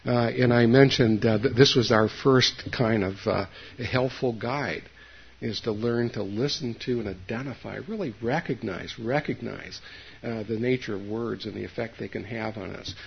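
An older man, a Zen meditation teacher, giving a dharma talk to a group in a halting, folksy way, with many fillers, restarts and asides to his listeners. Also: medium pitch, vocal fry, breathy edge. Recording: dull lo-fi recording.

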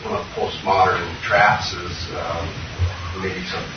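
A man's voice: low voice, little pitch movement, measured pace, dull audio, music in the background. A man asking a meditation teacher a long, hesitant question full of fillers. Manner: hesitant, rambling, many fillers. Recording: distant, echoey, noisy room mic.

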